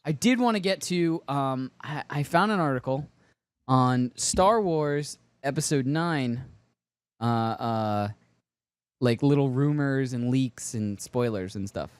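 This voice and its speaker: A man's voice: medium pitch, expressive, takes it slowly, clean tone, no echo. A man hosting a casual pop-culture podcast, talking in a rambling, hesitant way. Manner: rambling, hesitant, with many fillers and restarts. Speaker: podcast host. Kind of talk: casual chat.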